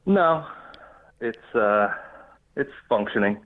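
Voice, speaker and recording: Male caller, lowish voice, deadpan drawl, phone-line sound. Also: takes it slowly.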